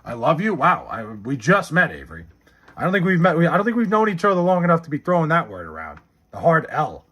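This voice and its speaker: A man's voice: fairly high pitch, huge pitch swings, fast talker, fairly bright tone, breathy edge. A man casually chatting on a live stream, reading chat messages and answering with profane, sarcastic banter.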